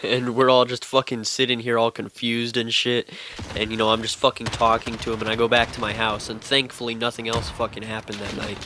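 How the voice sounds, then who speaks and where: A man's voice: lowish voice, pushed and bright, a little hiss or hum. A young man telling a spooky story to camera in a rambling, casual way, swearing constantly. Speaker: vlogger telling a scary story.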